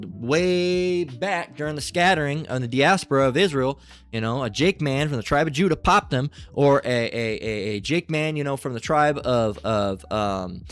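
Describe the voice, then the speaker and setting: A man's voice: mid-range voice, smooth. A man giving a casual, rambling religious monologue, full of repeated "all right"s, restarts and the odd curse word. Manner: rambling, repetitive, profane, fillers like "all right". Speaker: religious commentator.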